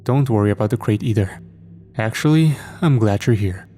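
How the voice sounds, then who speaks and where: A man's voice: fairly low pitch, dark tone, lightly acted. A man voicing an elderly, stern but kindly old man with a German accent. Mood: friendly. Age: older. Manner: stern, measured.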